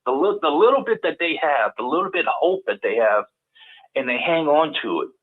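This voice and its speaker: A man with a Cajun Southern accent, a guest on a call-in show, talking in halting bursts full of repeated words. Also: a little high, lively intonation. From Louisiana, US South. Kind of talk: casual call-in talk. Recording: tinny phone-line audio.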